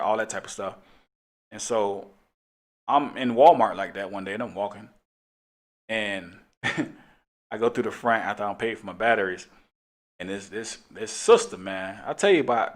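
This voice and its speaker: Man, middle-aged, police officer host, casual storytelling, laid-back, laughs often. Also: lowish voice.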